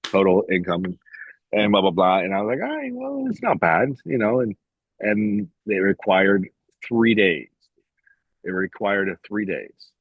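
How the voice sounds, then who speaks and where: A man's voice: deep voice, a little slow, husky, dry recording, phone-quality sound. A man in a casual podcast chat, telling a rambling, profane story and acting out what others said to him. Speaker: podcast guest.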